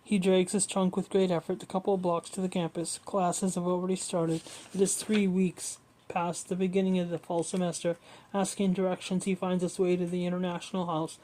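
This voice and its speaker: A woman reads a memoir aloud at home in a level, even tone, her voice sitting a little low and sounding mellow. She reads steadily but often trips over a word and goes back to fix it. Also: fairly quick, slight background noise, rough recording. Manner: steady reading with frequent slips and self-corrections. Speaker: audiobook reader.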